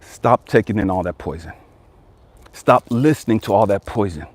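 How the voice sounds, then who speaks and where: A man's voice: on the low side, expressive, moderate pace, no room sound. A man in his forties giving a blunt, profane motivational talk as a life coach and channel host. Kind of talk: casual motivational monologue.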